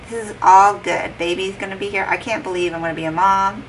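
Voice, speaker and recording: A woman's voice: mid-range voice, steady tone, brisk, few pauses. A heavily pregnant young woman chatting casually to her vlog camera at home, retelling a conversation with lots of "like" and quoted dialogue. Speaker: vlogger. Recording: distant mic with faint background noise.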